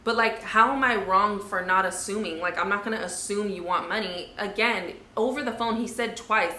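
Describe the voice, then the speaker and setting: Young woman, indignant storytime vlog, bright forceful voice, echoey room. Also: mid-range voice, normal speed, few pauses. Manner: indignant, conversational, many fillers. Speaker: vlogger.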